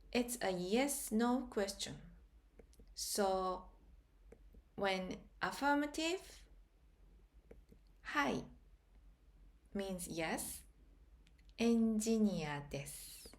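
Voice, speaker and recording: A woman teaching a beginners' grammar lesson, patiently explaining and repeating example sentences. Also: fairly high pitch. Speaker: Japanese language teacher. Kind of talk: slow grammar lesson narration.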